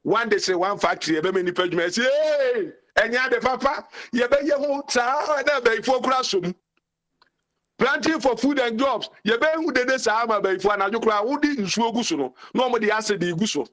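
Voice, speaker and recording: High-pitched impassioned Ghanaian man caller. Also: expressive, brisk, a bit bright. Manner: impassioned, ranting, repeats phrases. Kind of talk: call-in commentary mixing Twi and English.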